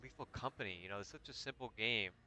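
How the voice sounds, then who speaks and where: Bright-voiced man telling animated stories. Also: on the low side, quick pace, low-quality recording. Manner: animated storytelling with swearing. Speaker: host. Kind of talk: casual chat while gaming.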